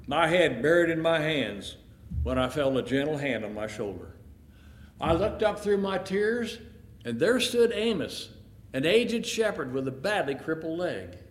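A man telling a first-person story in an expressive, emotional way. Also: a little high. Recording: echoey room, faint noise.

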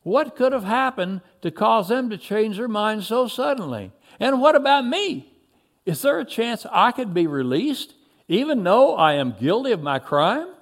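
A man narrating a dramatic story in the first person, with a fairly high voice that rises and falls a great deal. He reads expressively and drops low and quiet for reflective moments. It is a scripted story reading. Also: sing-song, moderate pace.

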